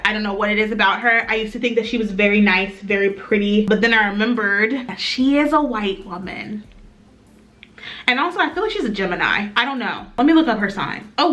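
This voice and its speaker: A young woman chatting through a get-ready-with-me storytime, rambling, animated and playful. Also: medium pitch. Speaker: beauty vlogger.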